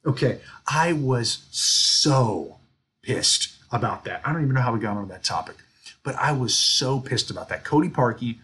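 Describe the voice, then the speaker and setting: A man co-hosting a sports podcast, telling stories in an animated, ranting way. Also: medium pitch, normal speed, slightly rough. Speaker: podcast co-host. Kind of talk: casual sports chat.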